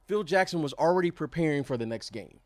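Guy in his 50s, former player, lively stories, repeats himself a lot. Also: a little high, quick pace, no room sound. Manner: animated storyteller, repeats words, acts out quotes. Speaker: former pro basketball player, guest. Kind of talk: casual storytelling.

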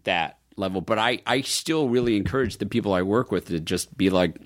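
A man guest in a casual interview, telling stories in a lively way and voicing quotes in a higher tone. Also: a little fast, hardly any pauses. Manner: animated storyteller, acts out quotes in a higher voice. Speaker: film producer guest.

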